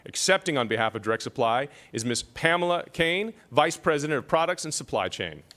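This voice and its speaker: A man's voice: fairly high pitch, animated, a little fast, a bit bright. A man emceeing an awards ceremony, reading citations with self-deprecating joking asides.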